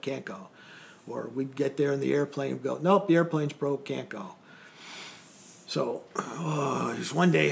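Gravelly-voiced male veteran, casual storyteller, wry and rambling, mid-pitched, tails off softly. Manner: rambling, wry, trails off quietly at phrase ends. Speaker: Coast Guard veteran telling his story.

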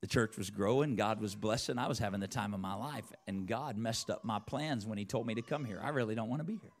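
A preacher telling a personal story in a church sermon, acting out both sides of the conversations. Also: male voice, fairly low pitch, fast. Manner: animated, acts out both sides of dialogue. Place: church sanctuary.

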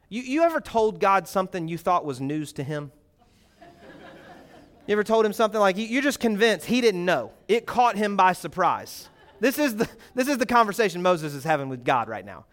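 A man with a fairly high voice preaches in a church sanctuary before a congregation. He speaks as a guest pastor and keeps the sermon conversational and joking. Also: very animated, fairly quick, a bit bright.

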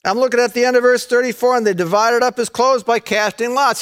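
A man preaching a sermon in a folksy way, peppering his talk with "man" and "folks", swinging between raised excited passages and hushed, intense ones. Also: extremely high pitch, fairly quick, hardly any pauses. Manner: folksy, says "man" and "folks", repeats words. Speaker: pastor.

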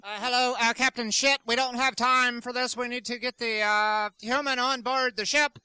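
A man's voice: very high voice, fairly even intonation, moderate pace, bright, forceful tone, smooth, dry recording, heavily acted. A man voicing a fussy, officious alien scientist with a prim, formal manner, in improvised comedy. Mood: prim, impatient. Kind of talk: improvised comedy role-play.

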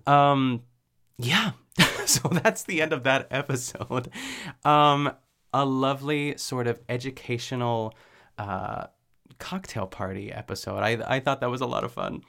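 A man hosting a podcast, chatting casually and rambling with lots of "like" fillers and quick laughs as he recaps a cooking show. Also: mid-range voice, gravelly, fairly bright tone. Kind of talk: casual chat.

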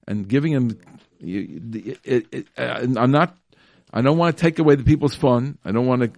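A man's voice: mid-range voice, darkish tone, no echo. A man hosting a call-in radio show, talking casually and emphatically, with frequent restarts and fillers. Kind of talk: casual talk radio commentary.

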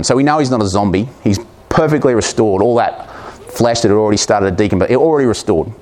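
A man's voice: mid-range voice, darkish tone. A man preaching a sermon, reading scripture aloud and breaking off into casual, humorous asides to the congregation.

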